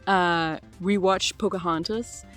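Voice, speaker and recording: A woman's voice: fairly low pitch, fairly even intonation, slow pace, fairly bright tone, soft background music. Giggly chatty woman in her twenties. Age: 20s. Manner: chatty and giggly, full of "like" fillers. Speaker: vlogger answering viewer questions. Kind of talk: casual chat. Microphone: phone.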